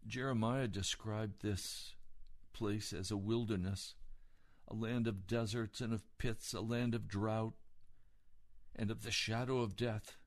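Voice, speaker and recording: A male pastor delivers a sermon at an unhurried pace. His voice is somewhat low and gravelly. He speaks earnestly and pushes his pitch up when he calls his listeners to follow. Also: fairly even intonation. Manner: slow, earnest preaching, rising in pitch when exhorting.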